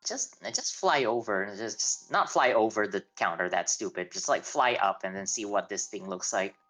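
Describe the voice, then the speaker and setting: A woman's voice: rumbling low, lively intonation, moderate pace, a bit bright. A woman player in a tabletop game, chatting bluntly and offhand, swearing casually. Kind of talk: casual chat.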